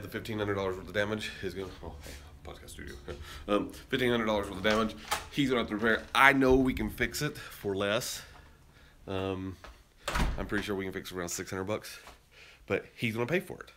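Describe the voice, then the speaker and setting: A man with a fairly low voice tells a story in a loose, rambling monologue, restarting sentences and turning emphatic when he gets worked up. It sounds like a casual podcast recording, with faint background noise. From Utah, US. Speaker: podcast host. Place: garage and car, indoors and out.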